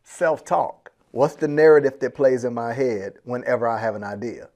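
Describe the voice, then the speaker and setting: A man hosting a business podcast in a casual, slangy, animated way, laughing often and acting out little asides. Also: mid-range voice, normal speed. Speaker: podcast host. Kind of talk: casual motivational podcast talk.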